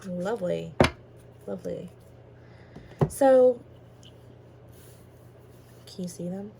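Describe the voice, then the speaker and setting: A woman's voice: fairly low pitch, drawn-out words, creaky, dark tone, slight background noise, rough recording. Chatty woman giving a tarot reading. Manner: chatty, rambling, giggly, with many fillers. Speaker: tarot reader. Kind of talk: casual tarot reading monologue.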